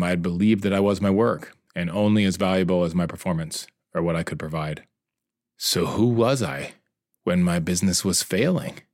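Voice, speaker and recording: A man's voice: deep voice, no echo, clean studio sound. A middle-aged man narrating his own life story in an earnest, confessional way. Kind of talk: emotional personal narration.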